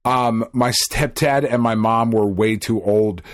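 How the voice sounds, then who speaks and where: A man's voice: on the low side, measured pace, no echo, studio quality. A man co-hosting a gaming podcast in casual chat, swearing freely and acting out quotes as he tells stories. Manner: profane, animated storyteller who acts out quotes. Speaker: podcast co-host.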